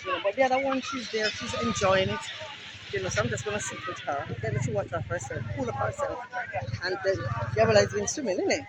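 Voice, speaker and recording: Woman, Jamaican accent, casual vlog chat, middle pitch, phone-recorded on a noisy beach. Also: quick pace. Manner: chatty, narrating to camera while at the beach. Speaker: vlogger. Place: busy beach outdoors. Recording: outdoor beach noise behind.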